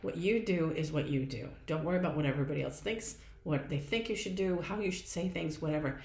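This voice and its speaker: Low-voiced woman podcaster in an echoey room. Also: quick pace, darkish tone. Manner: earnest, conversational, repeats herself with many fillers. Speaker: podcast host. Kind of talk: casual reflective monologue.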